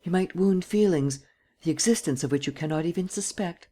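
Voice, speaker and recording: A woman's voice: fairly low pitch, fairly quick, mellow, pitched above the performer's own voice, natural voice. A woman reading an audiobook and voicing an elderly woman, protective and anxious, who pleads with a tremulous, sometimes whispered voice. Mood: earnest.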